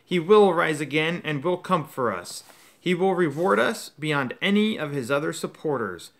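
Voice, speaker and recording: A man voicing a fanatical woman loyal to a dark lord, making a proud, defiant declaration. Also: a little high, lively intonation, normal speed, voice pushed up.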